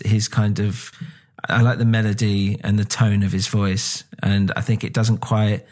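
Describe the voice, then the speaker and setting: A British man in a loose, rambling podcast chat with a somewhat low voice. He hesitates often and swears casually as he works through his thoughts. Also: a little mellow. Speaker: podcast co-host.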